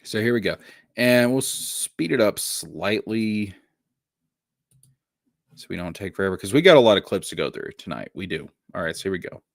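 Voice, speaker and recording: Man streamer commentating live, frustrated, swears a lot, animated pitch, dry close sound. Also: moderate pace, vocal fry, no echo. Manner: exasperated, profane, stumbling restarts.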